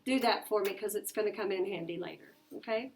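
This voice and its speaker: A middle-aged woman teaching a math lesson to her class, brisk and coaxing, asking questions as she goes. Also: medium pitch, a little mellow, slight background noise. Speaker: elementary school teacher.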